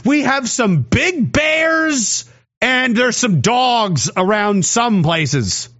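Male streamer, high voice, sarcastic rambling commentary, dull low-fi sound. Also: lively intonation, extremely slow, fairly bright tone. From Canada. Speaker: streamer reading chat. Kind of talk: casual livestream commentary.

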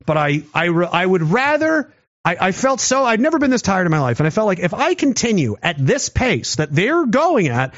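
A man's voice: high voice, very animated, a little fast, dry recording. A man in his thirties telling a war story in a casual, profane, rambling way, mocking himself and reading comments from chat. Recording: dull lo-fi dry sound.

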